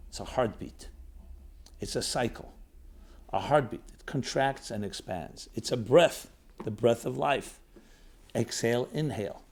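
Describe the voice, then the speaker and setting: A man giving a reflective spiritual talk as a rabbi, building his points in strings of short phrases that rise and fall in emphasis. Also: medium pitch. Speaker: rabbi, lecturer.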